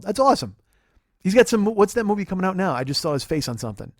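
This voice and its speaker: A man's voice: sits high, big pitch swings, fast, no room sound, clean studio sound. A man hosting a podcast, telling rambling comic stories in casual chat, full of swearing. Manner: profane, rambling, jokey storytelling. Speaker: podcast host.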